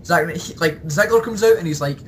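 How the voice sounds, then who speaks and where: A man co-hosting a casual podcast, animated, laughing often and mimicking announcers. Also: fairly high pitch, fairly quick, a little hiss or hum. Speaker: podcast co-host. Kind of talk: casual chat.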